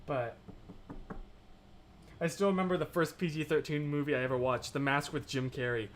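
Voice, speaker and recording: A man hosting a livestream, chatting casually and reading viewer comments, rambling and animated, swinging between loud and hushed. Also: a little high, moderate pace, a little hiss or hum. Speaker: livestream host.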